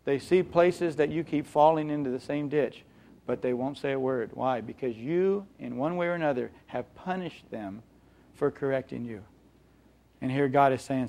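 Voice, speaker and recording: A man's voice: medium pitch, normal speed, mellow. A man preaching a sermon in a conversational way, with rhetorical questions and acted-out examples.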